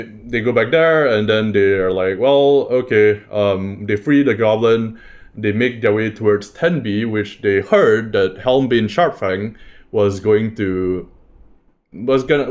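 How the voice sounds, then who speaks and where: A man recapping a tabletop game session in a loose, rambling way, swearing freely. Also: on the low side. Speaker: game master recapping a campaign. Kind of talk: casual spoken recap.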